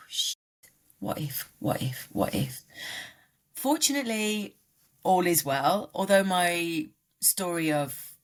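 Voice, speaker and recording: Casting: middle-aged woman, low voice, lively delivery, open podcast guest. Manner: animated, voice jumping up and down in pitch. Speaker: guest coach. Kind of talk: candid podcast conversation.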